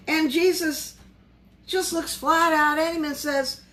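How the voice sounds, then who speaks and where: A woman's voice: high voice, fairly even intonation, slow, pauses often, pushed and bright. A woman pastor leading a Bible study in a conversational way, often asking her listeners questions.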